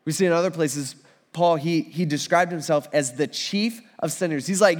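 High-voiced casual preacher. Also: male voice, moderate pace. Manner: casual, animated, conversational preaching. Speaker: pastor. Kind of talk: sermon.

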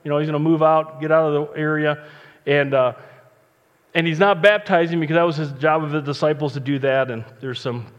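A man's voice: a little high, fairly even intonation, a little fast. A man preaching a casual sermon as pastor, chatty and joking between Bible readings. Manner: chatty, joking asides, conversational. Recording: long reverb, dull lo-fi sound.

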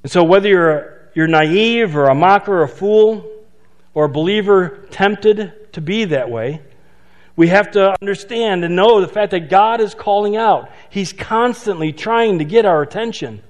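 A man preaching a sermon in a conversational way, asking rhetorical questions and slowing down for emphasis. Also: high voice, lo-fi sound. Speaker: pastor. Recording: long hall reverb.

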